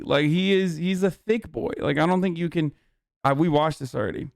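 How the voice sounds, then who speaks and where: A man's voice: on the high side, brisk, vocal fry, clean tone. A man reacting to clips on a live stream, with brash, profane, joking commentary.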